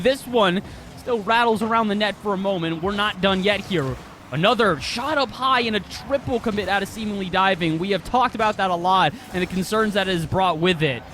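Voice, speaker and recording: A man casting a live esports match as play-by-play commentator, excitable and quick to shout on big plays. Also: high-pitched, slight background noise. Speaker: esports caster.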